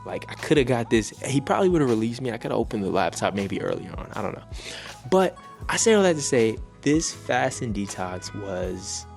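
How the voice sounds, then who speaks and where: A man's voice: mid-range voice, very animated, brisk, creaky, a little mellow. A man giving a personal faith testimony to camera, earnest and reflective, repeating phrases as he builds feeling, over faint music. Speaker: faith vlogger sharing a testimony.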